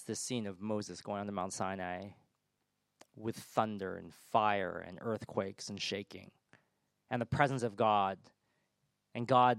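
Preacher with a dynamic sermon delivery. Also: male voice, lowish voice, smooth, no room sound, clean studio sound. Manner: dynamic delivery, swelling loud then dropping soft. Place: church.

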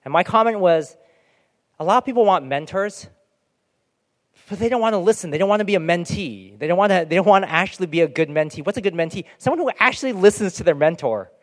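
A man preaching a sermon as pastor, lively and animated, dropping to soft, near-whispered prayer lines. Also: high voice, fast talker. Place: church hall. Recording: long hall reverb.

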